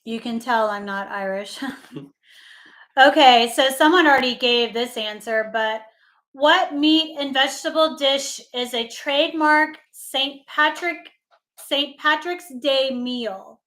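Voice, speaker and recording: A woman with a fairly high voice hosts a relaxed livestream and reads each trivia question out at an unhurried, drawn-out pace. She calls out the answers and repeats them back to viewers. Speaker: co-host reading trivia questions. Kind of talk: casual livestream chat.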